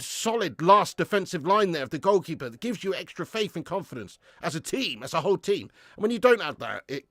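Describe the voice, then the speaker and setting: A man hosting a live football watch-along, swearing freely, getting excited and reading out viewer comments. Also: high voice, no echo, studio quality. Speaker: fan channel host.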